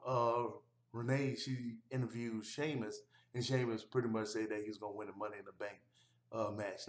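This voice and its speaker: A man giving a casual, rambling recap of a wrestling show, with easygoing delivery and frequent fillers. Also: mid-range voice. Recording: roomy echo.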